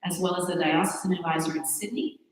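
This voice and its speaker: A woman's voice: on the low side, steady tone, fast talker. A woman giving earnest introductory remarks for a speaker at a church conference, with frequent "um" fillers. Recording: very echoey hall with long reverb.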